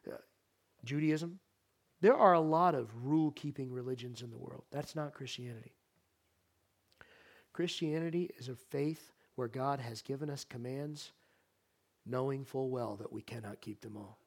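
A man preaching a sermon as pastor in a church sanctuary, with impassioned delivery that moves between loud exhortation and soft, earnest appeals, questioning the congregation directly. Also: medium pitch, moderate pace, pauses often.

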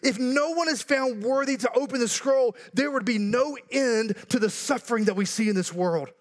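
A man's voice: extremely high pitch, moderate pace. A pastor in his thirties or forties preaching a sermon earnestly, building to emphatic repeated lines with joking asides.

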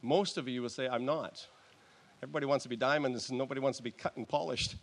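A male pastor preaching a sermon in a church, in a conversational, halting way with restarts and soft chuckles. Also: medium pitch, steady tone, creaky.

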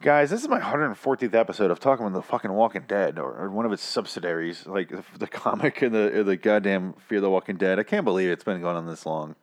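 An exasperated young man rants through a TV episode review, cursing freely and mocking the writers in put-on voices. His pitch leaps up and down in lively swings. Underneath he sounds tired and achy, with a drink in him. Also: quick pace, hardly any pauses. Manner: profane, exasperated ranting with mocking impressions. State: tired, achy after whiskey. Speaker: podcast host.

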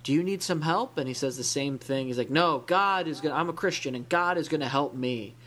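A man's voice: on the high side, fairly quick, fairly bright tone. A man co-hosting a podcast in casual discussion, talking in a thoughtful, rambling way with many restarts. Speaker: podcast co-host.

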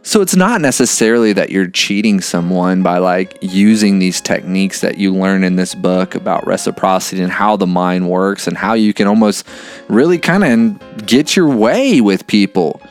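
Man, podcast host, low gravelly voice, earnest casual musing, faint music behind. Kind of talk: casual reflective monologue.

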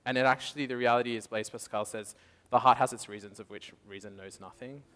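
Animated young man preaching in a hall. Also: mid-range voice, fast. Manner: animated storytelling, acts out quotes, laughs often. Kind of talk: testimony sermon. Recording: echoey hall.

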